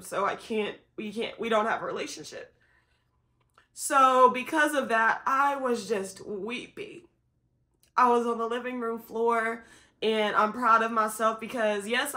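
Bright-voiced young woman, tearful vlog talk. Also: medium pitch. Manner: candid and expressive, addresses viewers directly as y'all. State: tearful and tired. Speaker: vlogger. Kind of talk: emotional personal vlog talk.

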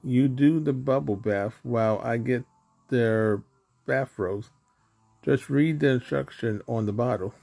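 A man voicing a calm, gently firm mother bear in a storybook reading. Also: mid-range voice, measured pace, creaky, faint music behind. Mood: fretful.

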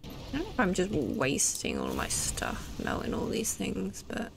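Woman, gamer, casual commentary, jokey, slow-paced, gravelly. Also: mid-range voice, huge pitch swings. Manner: chatty, jokey, talks to herself. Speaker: let's play gamer.

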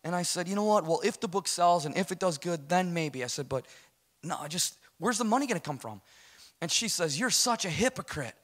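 Man, middle-aged, slightly high voice, personal testimony, animated storyteller. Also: brisk. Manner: storytelling, acts out dialogue, frequent "right?". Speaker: guest speaker giving testimony.

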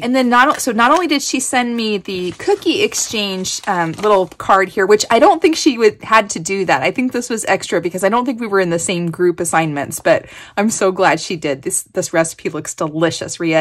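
A woman from Kansas hosting a crafting vlog, gushing with effusive thanks as she unpacks a gift package. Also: mid-range voice. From Kansas, USA. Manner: gushing, effusive, breathy exclamations. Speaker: crafting channel host. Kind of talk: casual show-and-tell of a gift package.

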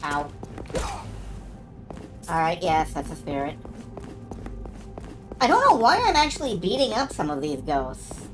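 A woman's voice: lowish voice, huge pitch swings, measured pace, long pauses, soft background music. A woman streaming a video game, chatting in amused asides as she plays. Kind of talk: let's play commentary.

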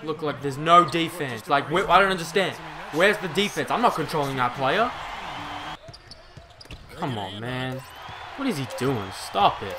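A young man giving live commentary over his own basketball video game, exasperated and swearing, swinging between loud outbursts and low muttering. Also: sing-song, unhurried, pauses often, noisy background. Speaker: gaming commentator.

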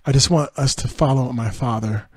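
A man's voice: mid-range voice, moderate pace, slightly rough, dry recording. A man hosting a podcast, reading entertainment news aloud and adding dry, sarcastic asides. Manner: reads quotes then adds dry sarcastic asides and laughs. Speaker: podcast host.

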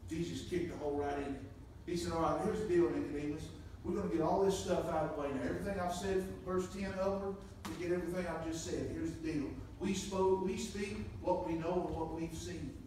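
A man preaching a sermon, moving from quiet scripture reading to loud, emphatic points. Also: fairly high pitch, brisk, hardly any pauses, slight background noise. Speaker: pastor. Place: church sanctuary. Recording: echoey room from far off.

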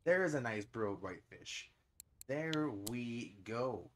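A man's voice: mid-range voice, expressive, takes it slowly, a bit bright, a little hiss or hum. A man with a Canadian accent giving casual, chatty commentary over a fishing video game, breaking into frequent surprised exclamations. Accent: Canadian English. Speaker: gaming channel host.

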